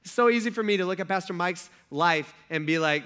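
A man's voice: sits high, brisk, hardly any pauses, clear, resonant tone. A man preaching a sermon in a casual, conversational way, acting out quotes as he talks. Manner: conversational and animated, acts out quotes. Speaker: pastor.

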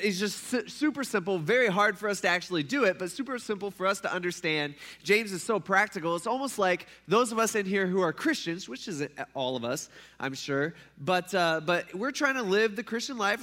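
Bright-voiced young male preacher. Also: high-pitched, animated, brisk. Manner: conversational, storytelling, checks in with the audience. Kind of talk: casual sermon.

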